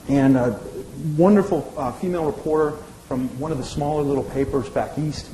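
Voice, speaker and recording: A man in his forties giving a lively marketing lecture to a class, often checking in with "right?" and acting out the dialogue he quotes. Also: a little high, brisk. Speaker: marketing professor. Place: lecture hall. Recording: echoey room, faint noise.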